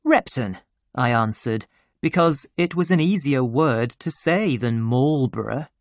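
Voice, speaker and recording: A narrator reading a children's memoir story slowly and clearly for English learners. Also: medium pitch, dry recording, clean studio sound. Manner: slow, clear and deliberate. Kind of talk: slow graded-reader storytelling for English learners.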